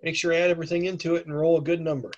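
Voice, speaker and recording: A man's voice: a little high, level tone, rapid-fire, darkish tone, highs cut off. A man with a cold narrating a tabletop game as game master in a chatty way. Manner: chatty, with many fillers and okays. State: has a cold.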